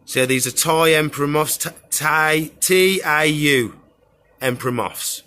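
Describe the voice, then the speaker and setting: Unhurried and a little high in pitch, this exotic pet keeper casually walks viewers past his animals and tanks. His relaxed rambling is thick with "so yeah" fillers.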